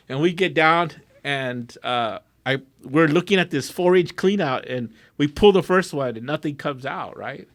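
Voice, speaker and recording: A middle-aged man from Southern California telling a profane, animated story in a casual interview, slipping into Spanish phrases. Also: medium pitch, moderate pace, hardly any pauses. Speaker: guest artist.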